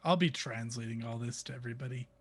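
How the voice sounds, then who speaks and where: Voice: mid-range voice, fast. A player in a tabletop game, describing actions and laughing often.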